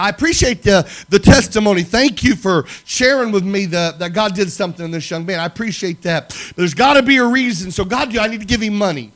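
A man's voice: high voice, a little fast, hardly any pauses, a bit bright. A man preaching, telling a story animatedly and acting out the dialogue. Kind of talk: sermon storytelling.

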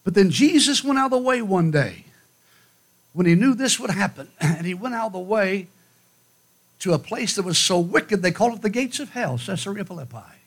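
Fiery high-voiced male preacher. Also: very animated, normal speed, breathy edge. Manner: fiery, emphatic, rhythmic repetition. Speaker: guest preacher. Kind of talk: revival sermon. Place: church conference hall.

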